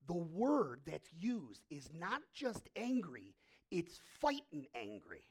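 A man preaching a sermon as pastor, dropping to hushed asides and rising to loud, drawn-out declarations. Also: on the high side, huge pitch swings, slightly rough.

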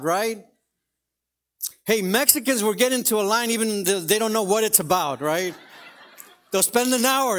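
A man's voice: sits high, moderate pace, pauses often, fairly bright tone. A male pastor preaching a conversational sermon to a congregation, telling everyday stories and often checking in with "right?". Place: church in front of a congregation.

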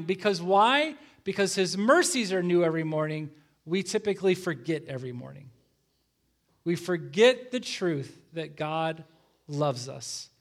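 A middle-aged man preaching with earnest conviction in a fairly high voice. He moves between slow scripture readings and a casual personal story, always as a pastor addressing a congregation. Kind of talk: sermon.

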